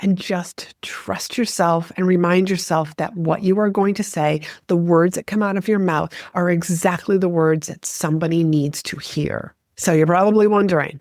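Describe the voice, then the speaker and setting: Expressive woman hosting a solo podcast. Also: lowish voice, moderate pace, dry recording, studio quality. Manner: expressive, varies pace and tone for emphasis. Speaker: podcast host.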